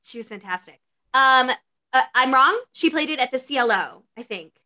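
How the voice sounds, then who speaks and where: Bright high-voiced woman co-host. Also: expressive. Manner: playful, quick interjections, laughs a lot. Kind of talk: casual chat.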